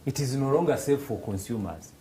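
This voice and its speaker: Poor audio with a little hiss or hum carries a medium-pitched male voice going a little fast, with a Rwandan English accent. The financial literacy instructor explains financial markets to students, acting out dialogues in raised voices, animated yet prone to hesitant restarts.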